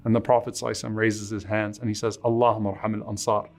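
A man giving a sermon, retelling a story with quoted speech, reciting lines of Arabic quickly and then translating them slowly and with emphasis. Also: little pitch movement. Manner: retells a story with quoted speech, rising in pitch at emotional peaks. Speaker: preacher.

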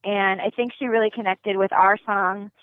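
A woman's voice: mid-range voice, normal speed, no room sound. Giggly young woman on a dry phone line. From North Dakota, USA. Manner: animated, giggly, gushing. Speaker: singer, podcast guest. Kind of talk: casual interview storytelling.

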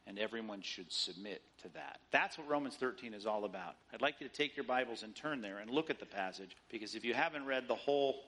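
A man's voice: fairly low pitch, fast talker, hardly any pauses, a bit bright. A man preaching a sermon, telling a story with mock dialogue. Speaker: pastor.

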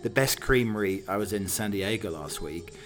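A man's voice: on the low side, lively intonation, normal speed. A man hosting a podcast, riffing jokingly with lots of fillers and restarts. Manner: rambling, jokey, filler-heavy. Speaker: podcast host. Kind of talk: casual solo commentary.

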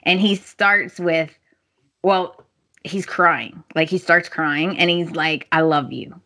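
Slow-talking woman recapping a soap. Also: fairly low pitch, sharp tone. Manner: acts out characters' lines while recapping. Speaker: podcast co-host. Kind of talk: casual chat recapping a soap opera.

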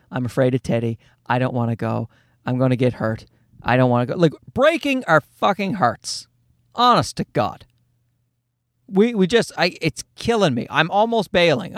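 A man in his thirties doing stand-up storytelling, animated and profane, often jumping into high-pitched voices for the people he quotes. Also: gravelly, no echo, studio quality. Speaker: stand-up comedian.

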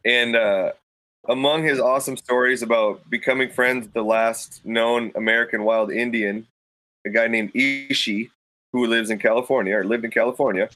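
A man's voice: medium pitch, steady tone, normal speed, bright, forceful tone, dry recording, low-quality recording. A man in casual conversation, telling a story vividly and acting out quoted thoughts with a raised voice into a studio microphone. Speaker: podcast guest telling a hunting story.

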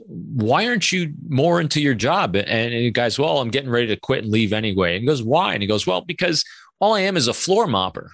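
A man in his fifties, a podcast guest, telling animated stories and acting out quoted dialogue. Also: medium pitch, no room sound, studio quality. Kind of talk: conversational storytelling interview.

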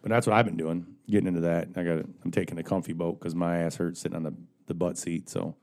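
A low, gravelly man talks fast and telling a rambling, profane fishing story. His voice sits dark and heavy. He acts out the other anglers' lines as he goes. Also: level tone. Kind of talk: casual chat.

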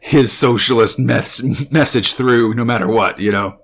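A man's voice: mid-range voice, measured pace. A man co-hosting a podcast in casual chat, enthusiastic and rambling, with lots of fillers. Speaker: podcast co-host.

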